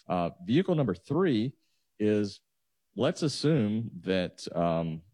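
A man's voice: fairly low pitch, very animated, takes it slowly, mellow, no echo. A man, a financial advisor patiently walking listeners through numbers on a talk show. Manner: explanatory, walks through numbers step by step.

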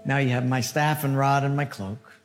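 A man preaching voices a young male shepherd who protests, pleads and gives in, his voice climbing high when he complains. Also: fairly even intonation, normal speed, soft background music, close to an everyday voice. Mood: protesting. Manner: whiny, protesting, rising to high exasperation.

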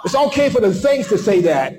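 Echoing as though in a large room, an impassioned male preacher drives his sermon with fervor, lifting his voice high, using dramatic pauses and acting out quotes as little dialogues. His delivery is sing-song with a warm tone.

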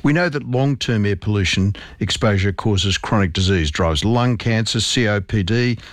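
A man's voice: fairly low pitch, moderate pace, no room sound, studio quality. A middle-aged male doctor explaining medical research in an interview, emphatic and precise with technical terms.

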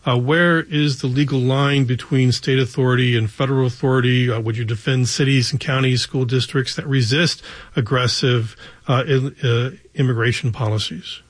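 Male interviewer, mid-range voice, dry close recording; measured, slightly hesitant questions. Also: mid-range voice, fairly even intonation, dry recording.

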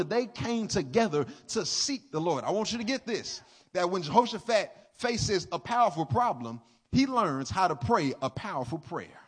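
Male pastor, high husky voice, builds from hushed talk to shouted sing-song preaching. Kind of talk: sermon. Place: church sanctuary.

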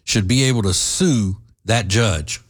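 A man hosting an opinion commentary monologue, forceful in his views yet halting, with many fillers and some dry sarcasm. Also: fairly low pitch. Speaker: host.

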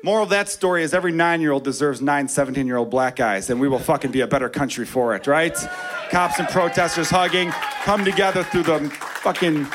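A man doing stand-up comedy, telling a story with loud, animated delivery and shouted character voices. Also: on the high side, fairly quick, a faint crowd, slight background noise.

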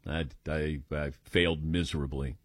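An older man hosting a call-in radio show, telling stories about himself in an animated, self-deprecating way. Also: rumbling low, normal speed, no echo, clean studio sound.

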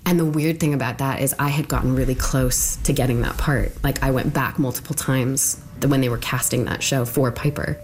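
A woman's voice: a bass voice, steady tone, moderate pace, few pauses, darkish tone, a little hiss or hum. A woman being interviewed, telling her own story in a chatty, casual way, full of "like", sometimes dropping to a whisper. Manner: chatty, full of "like", drops to whispers for remembered thoughts.

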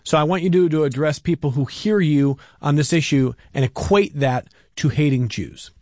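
A man's voice: fairly high pitch, moderate pace, a little mellow, dry recording, clean studio sound. A man hosting a radio call-in show, reading listener emails aloud in a conversational way. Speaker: radio talk show host.

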